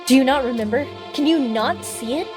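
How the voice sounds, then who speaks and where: A woman's voice: sits high, a little fast, music in the background, close to an everyday voice. A woman reading the lines of a blunt, protective sibling who confronts their brother, in her own voice. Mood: confrontational.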